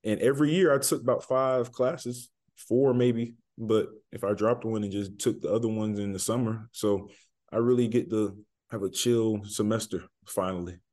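Low-voiced young man, relaxed and rambling. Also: moderate pace. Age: young adult. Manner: relaxed, rambling, many fillers and restarts. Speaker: college football player guest. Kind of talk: casual interview answers.

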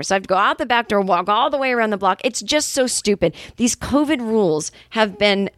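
A woman's voice: medium pitch, lively intonation, a little fast, a bit bright, no echo. Boston lady ranting on her podcast, swears a lot, dry close sound. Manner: ranting, exasperated, profane. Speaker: podcast host and stand-up comedian. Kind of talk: casual comedic monologue.

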